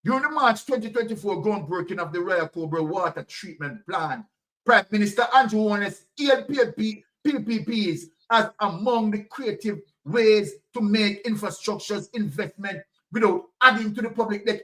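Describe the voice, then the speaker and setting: A man's voice: sits high, lively intonation, moderate pace, bright, forceful tone, low-quality recording. A Jamaican man giving fiery, repetitive political commentary straight to his audience.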